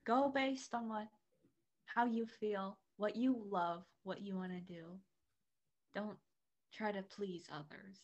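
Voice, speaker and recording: A woman's voice: medium pitch, steady tone, slow, muffled recording. A young woman guesting on a casual podcast, speaking earnestly and hesitantly with many fillers.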